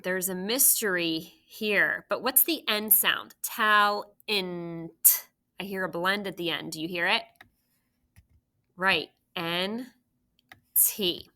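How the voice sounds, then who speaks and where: A woman's voice: mid-range voice, pushed and bright. A woman teacher giving a recorded phonics lesson to young children, patiently sounding out syllables and asking questions.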